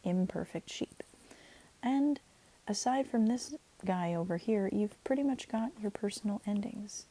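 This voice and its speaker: A woman's voice: medium pitch, a little slow, warm tone, rough recording. A woman teaching a recorded Latin lesson, chatty and leading chants, often checking in with "okay".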